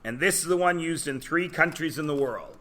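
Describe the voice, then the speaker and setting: A man's voice: a little high, a little fast, bright, forceful tone. A man teaching a classroom lesson, joking, telling stories and quizzing his students. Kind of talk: classroom lecture.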